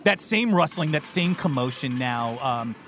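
A man narrating as game master of a comedic tabletop game, playful and quick to laugh. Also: mid-range voice, expressive, a bit bright, faint music behind.

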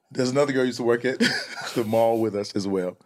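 This is a man from Chicago, a comedian guest on a podcast, telling personal stories in a casual, profane style. He has an ordinary middle-pitched voice. He slips into the voices of the people he quotes. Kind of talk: casual storytelling chat.

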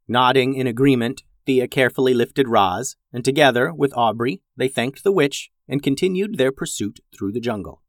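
A man narrating a children's story in an expressive, animated reading voice. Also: medium pitch, moderate pace, dry recording, studio quality.

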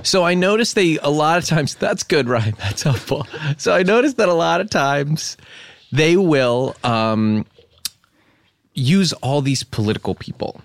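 A man hosting a comedy podcast, deadpan while riffing an improv bit. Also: on the high side, a little slow, creaky, no echo. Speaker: podcast host.

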